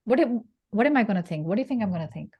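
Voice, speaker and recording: A woman giving an animated career-coaching talk to an audience, acting out quoted voices and laughing along the way. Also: mid-range voice, rapid-fire, breathy edge, dull audio.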